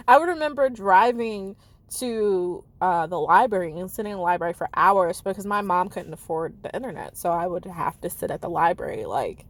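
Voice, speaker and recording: A woman's voice: mid-range voice, expressive, a little fast. Woman in her 30s just chatting to camera, candid, lots of likes and you knows. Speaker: vlogger. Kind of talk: casual monologue to camera.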